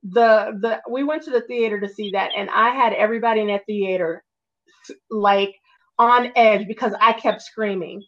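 A woman talking casually as a podcast guest, telling stories in an animated way and swearing now and then. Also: medium pitch, normal speed. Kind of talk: casual chat. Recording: dull lo-fi audio.

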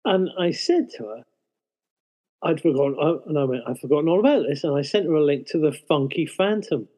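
A man's voice: fairly high pitch, a little fast, warm tone. A man co-hosting a podcast, chatting in a wry way, recorded on a lo-fi setup. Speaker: podcast co-host. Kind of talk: casual chat. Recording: dull, lo-fi with long reverb from an unplugged mic.

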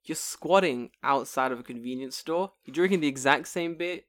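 A man's voice: medium pitch, moderate pace. Guy on a chill podcast, swears a lot, does little voices in his stories. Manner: swearing, animated storytelling with put-on quotes. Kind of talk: casual chat.

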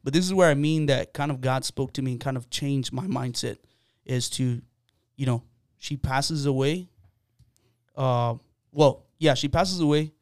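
A man's voice: medium pitch, unhurried, a little mellow, clean tone, dry recording, studio quality. A man, a podcast guest, telling an earnest personal story in casual chat, with many fillers and restarts.

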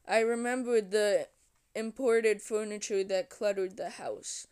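A calm, brooding male vampire voiced by a woman reading a novel aloud recounts his past in a slow, unhurried way. The voice is smooth and clear, never rushed, with a measured storybook cadence. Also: mid-range voice, lightly acted. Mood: reflective.

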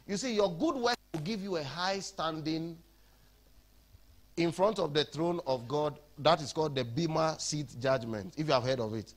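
A man with a Ghanaian accent preaching an animated sermon in a church, switching between English and Twi. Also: a little high, moderate pace.

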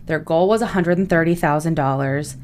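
A woman's voice: low-pitched, a little fast, a little mellow. A young woman co-hosting a podcast, chatting casually, swearing freely and laughing often. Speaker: podcast co-host.

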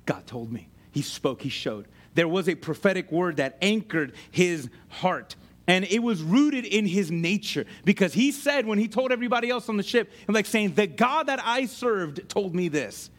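Animated preacher man, lively swooping pitch. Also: moderate pace. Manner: animated preaching with dramatic pitch swings and casual asides; conversational, uses slang like "ain't" and "dude". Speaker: pastor. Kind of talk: sermon.

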